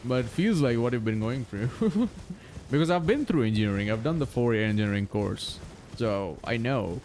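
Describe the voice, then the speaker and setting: Young streamer dude chatting w/ chat while gaming, gravelly voice, swears a lot, laughs a ton, noisy mic. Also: male voice, medium pitch, moderate pace. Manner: swears freely, laughs often, chatty and animated.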